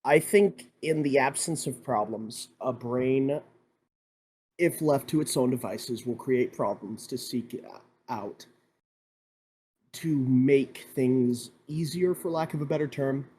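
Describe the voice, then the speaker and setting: A man co-hosting a casual podcast, sharing measured, thoughtful reflections. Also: mid-range voice, darkish tone, a little hiss or hum. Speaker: podcast co-host. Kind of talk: casual chat.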